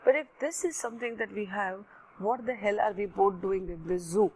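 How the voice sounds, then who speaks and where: A woman voicing an excited, curious young male camel in a spoken story, asking eager questions. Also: mid-range voice, moderate pace, husky, lightly acted, rough recording. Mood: amazed.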